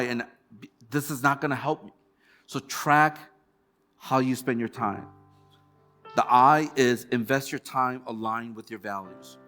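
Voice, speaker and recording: A man's voice: mid-range voice, a bit bright. Conversational male pastor preaching. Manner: conversational storytelling with quoted asides. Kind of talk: sermon. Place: church hall.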